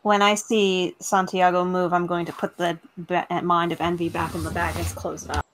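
Brief: female player, low-pitched, calm, guarded. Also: normal speed, slight background noise, poor audio. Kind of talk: in-character tabletop play.

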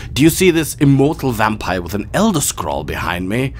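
A man's voice: lowish voice, very animated, moderate pace, a little hiss or hum. A man giving casual, wry, sarcastic commentary while playing a video game. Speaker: gaming commentator.

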